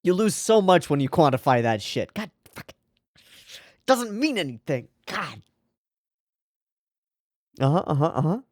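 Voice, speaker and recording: A man's voice: on the high side, sing-song, a little fast, few pauses, no echo, clean studio sound. A man hosting an anime reaction video. He swears freely, laughs often, and talks back at the characters on screen. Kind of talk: casual reaction commentary.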